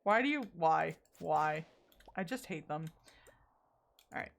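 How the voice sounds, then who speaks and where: A woman livestreaming a farming game, talking to herself and chat in a loose, rambling way. Her pitch jumps around a lot as she grows exasperated and swears at the game, then drifts off into asides. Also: lively intonation, slow pace, vocal fry. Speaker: streamer. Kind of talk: casual gameplay chat.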